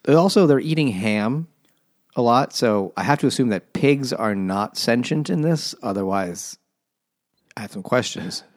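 A man's voice: medium pitch, lively intonation, unhurried. A man co-hosting a podcast, chatting casually and wryly about a book, rambling and laughing often. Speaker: podcast co-host.

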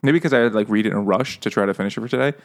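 Gravelly-voiced man rambling through jokes. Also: fairly low pitch, racing. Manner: rambling joke-teller, profane, laughs at own jokes. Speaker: podcast co-host. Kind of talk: casual chat over beer.

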